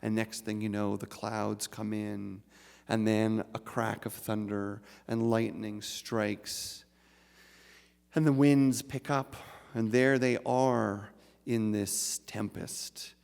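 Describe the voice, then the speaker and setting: A man giving a sermon at a spiritual center, measured and reflective, telling a folk tale. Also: fairly low pitch, fairly even intonation, vocal fry, darkish tone, smooth. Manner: slow, measured, reflective delivery. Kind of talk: sermon with storytelling. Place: large hall of a spiritual center. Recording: live talk with long hall reverb.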